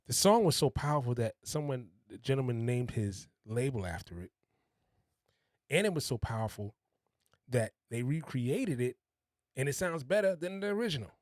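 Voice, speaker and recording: A man's voice: medium pitch, dry recording, clean studio sound. A man hosting a podcast, talking casually and with enthusiasm, repeating words for emphasis. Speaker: podcast host. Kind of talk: casual spoken monologue.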